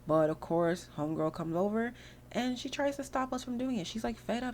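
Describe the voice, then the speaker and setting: A woman's voice: on the high side, fairly quick, darkish tone, slight background noise. A woman hosting a gaming channel, giving rambling, chatty commentary over her gameplay.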